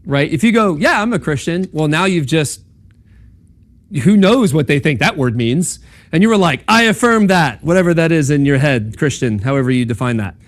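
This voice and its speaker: This man speaks at normal speed in a slightly high, expressive voice during an informal campus lecture. He is conversational, checking in with "right?" and "okay?", and he acts out quoted speakers in dialogue.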